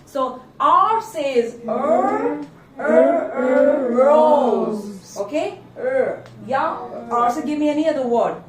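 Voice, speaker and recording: A woman's voice: high-pitched, animated, very noisy. A woman with an Indian English accent teaching phonics in a classroom, drawing out each letter sound and prompting the class to repeat. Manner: slow, drawn-out sound demonstrations with call-and-response prompts. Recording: echoey classroom, mic far off. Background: children repeating in chorus.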